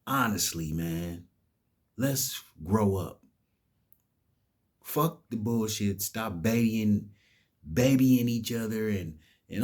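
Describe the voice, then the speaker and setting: A man's voice: on the low side, slow, pauses often, darkish tone. A man giving an impassioned, preachy vlog monologue, emphatic and cursing. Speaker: vlogger.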